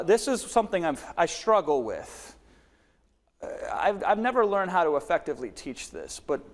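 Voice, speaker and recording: A man teaching a live workshop on selling, who demonstrates delivery by swinging his volume, pace and pitch. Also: big-room sound. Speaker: webinar trainer.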